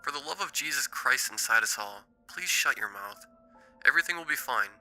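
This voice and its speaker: A man voicing a gruff, dismissive middle-aged boss who talks in an impatient Southern US drawl. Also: medium pitch, expressive, normal speed, pushed and bright, faint music behind, heavily acted, poor audio.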